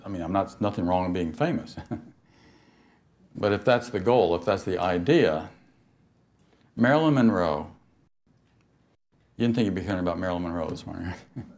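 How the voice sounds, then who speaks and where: An older man speaking on mysticism gives a spiritual talk, telling stories, laughing often, and asking the audience questions. His voice is low and darkish, at a moderate pace with long pauses.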